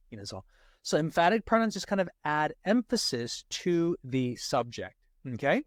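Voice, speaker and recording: A man teaching grammar for a test in a casual lesson, checking in with "right?" after almost every point and slowing down to stress example sentences. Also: a little high, very animated, dry recording, studio quality. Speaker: SAT tutor.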